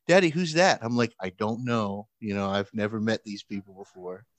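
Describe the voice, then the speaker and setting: A man's voice: lowish voice, normal speed, no echo. A man telling a funny story in casual chat, acting out the people in it and laughing as he goes. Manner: animated, acts out quoted voices with laughs.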